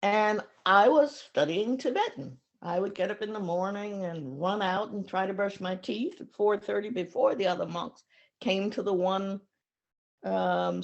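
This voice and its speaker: A woman in her seventies recounting memories of her teacher in an emotional, pausing storytelling manner. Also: mid-range voice, vocal fry, dull audio. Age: 70s. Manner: emotional, pausing, acts out voices in her stories. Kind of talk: reflective storytelling talk.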